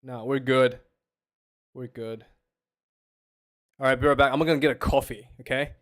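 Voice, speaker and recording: A man streaming casual live commentary on a match, chatty and jokey, prone to loud incredulous rants. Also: mid-range voice, steady tone, moderate pace.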